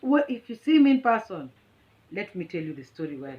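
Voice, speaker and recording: A middle-aged woman with a Kenyan accent tells a story to a phone camera at home. She is animated, boastful and laughs often, and her voice sits at an ordinary middle pitch. The recording is dull and lo-fi. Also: brisk. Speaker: vlogger and teacher.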